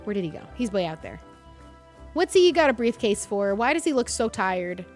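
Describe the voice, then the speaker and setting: Animated young woman, North Jersey accent. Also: mid-range voice, moderate pace, soft background music. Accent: North New Jersey. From North New Jersey. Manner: chatty, animated, self-deprecating. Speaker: streamer. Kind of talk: casual gaming commentary.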